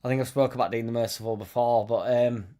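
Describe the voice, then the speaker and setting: A man's voice: medium pitch, steady tone, fast, dark tone. A young man hosting a football fan live stream, chatting loosely and reading out viewers' comments with sweary, joking banter.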